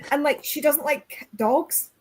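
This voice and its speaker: A woman's voice: high-pitched, slow pace, low-quality recording. A young woman chatting with friends on a video call, sarcastic and sweary, mocking book characters. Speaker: guest on a book stream. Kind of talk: casual chat with friends.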